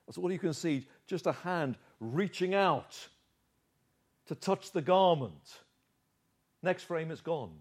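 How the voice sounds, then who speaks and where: A male preacher who works through a scripture passage slowly and deliberately, in a voice set a little higher than most men's. He brings the story to life with rhetorical questions and expressive delivery. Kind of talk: expository sermon.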